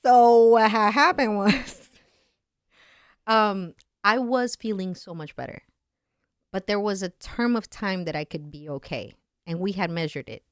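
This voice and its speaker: A woman's voice: medium pitch, unhurried, no room sound, clean studio sound. A woman in her thirties telling a personal story as a podcast guest, acting out the voices of the people in it. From Latin America. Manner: animated, acts out quoted voices. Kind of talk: casual storytelling.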